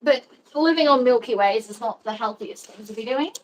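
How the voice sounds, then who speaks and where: A woman's voice: fairly high pitch, a little fast, a little hiss or hum. A woman chatting casually and rambling while she sews. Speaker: sewing host. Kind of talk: casual chat while sewing.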